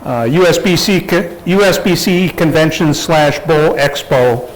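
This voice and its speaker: A man's voice: a little high, unhurried, rough recording. A man emceeing a retirement roast, calling up speakers and telling old stories. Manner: relaxed, calls up speakers by name. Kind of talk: emcee introductions.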